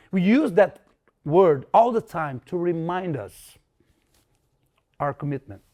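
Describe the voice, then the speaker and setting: Slow, gravelly man speaking broken English. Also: a little high, darkish tone. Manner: broken English, repeats words, acts out quotes. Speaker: martial arts instructor. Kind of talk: motivational talk.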